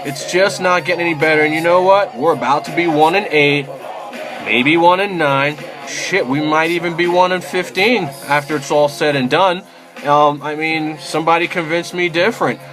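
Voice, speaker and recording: A frustrated football fan vents at length, his voice pitched a little high. He swears freely and keeps circling back with "you know" and "man". Clear music plays behind him. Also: normal speed. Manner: exasperated, profane, rambling with many fillers. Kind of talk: casual fan rant to camera.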